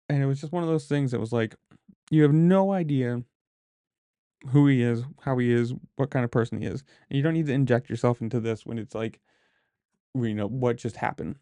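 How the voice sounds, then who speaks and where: Rambling man with a mellow voice. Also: medium pitch, no echo. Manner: rambling, conversational, with frequent filler words; mutters poker decisions to himself under his breath. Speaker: poker player telling a story. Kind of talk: casual storytelling vlog.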